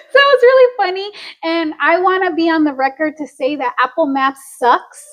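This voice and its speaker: A woman's voice: extremely high pitch, normal speed. A woman, chatting casually as a podcast co-host and acting out the quotes in her stories. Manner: animated storyteller, acts out quotes, laughs often. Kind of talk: casual chat.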